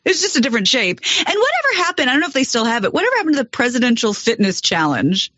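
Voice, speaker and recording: Woman co-host, very lively pitch, quick agreeing replies, dry dull recording. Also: no echo. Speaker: podcast co-host. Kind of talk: casual chat.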